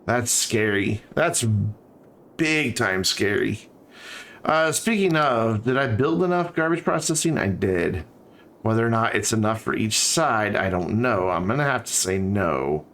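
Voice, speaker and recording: A man's voice: lowish voice, animated, measured pace, a bit bright. A man streaming a city-building game, chatting casually and thinking aloud as he builds. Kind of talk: casual let's-play commentary.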